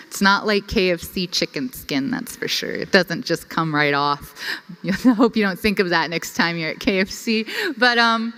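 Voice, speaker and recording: A young woman telling a personal story to a conference audience, chatty and full of "like". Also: medium pitch. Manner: lively, chatty, filler-heavy with frequent "like". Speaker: conference speaker. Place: conference hall. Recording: reverberant hall.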